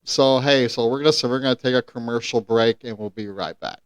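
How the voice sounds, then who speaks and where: A man's voice: mid-range voice, fairly quick, clear, resonant tone, no room sound. A man hosting a casual podcast, easygoing and enthusiastic, laughing often as he chats. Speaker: podcast host.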